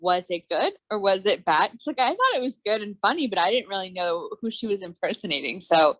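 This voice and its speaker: Lively bright woman, earnest chat. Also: mid-range voice, fairly quick, no room sound. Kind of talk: casual chat.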